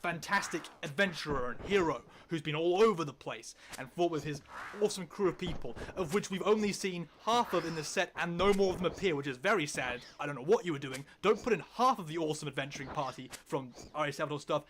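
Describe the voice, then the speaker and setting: An excitable man explains fantasy lore in a loose, rambling way, full of "like." His voice is bright and forward. Faint noise sits behind him. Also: fairly high pitch, fast. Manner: enthusiastic, rambling, many "like"s. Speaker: podcast co-host. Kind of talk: casual lore chat.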